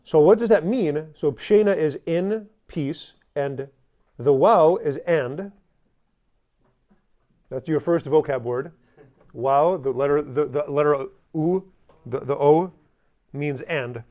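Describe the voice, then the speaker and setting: A man's voice: on the high side, takes it slowly, pauses often, dark tone, muffled recording. A man teaching a language class, drilling phrases with the students and adding joking asides.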